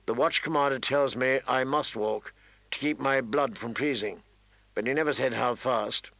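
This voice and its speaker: A man's voice: medium pitch, moderate pace, pushed and bright, dry recording. A man voicing a wry, sardonic dwarf nobleman with a dry, drawling delivery.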